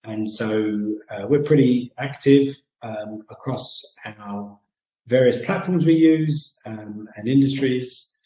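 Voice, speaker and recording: A man's voice: mid-range voice, slow, warm tone, reverberant, poor audio. A man with a British accent hosting a casual chat segment, rambling with many ums and uhs. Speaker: segment host.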